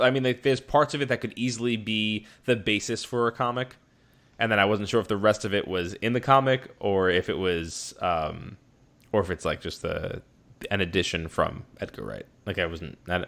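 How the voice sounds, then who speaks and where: A man co-hosting a podcast in casual chat, talking in halting bursts with many restarts and quick laughs. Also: deep voice, steady tone, gravelly, fairly bright tone. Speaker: podcast co-host.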